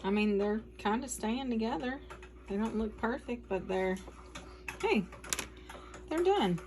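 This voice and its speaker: A woman's voice: fairly high pitch, animated, measured pace, darkish tone. A middle-aged woman vlogging about farm family life, chatting casually and heartfelt with viewers. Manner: chatty and heartfelt, drifts into emotion. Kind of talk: casual vlog chat to viewers.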